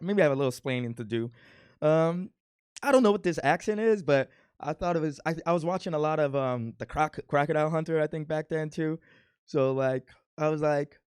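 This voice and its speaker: A man's voice: medium pitch, a little mellow, clear, resonant tone, no room sound, clean studio sound. A man casually commenting on his own old home video, joking and playfully boasting about himself. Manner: self-mocking, playfully boastful. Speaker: reaction video host.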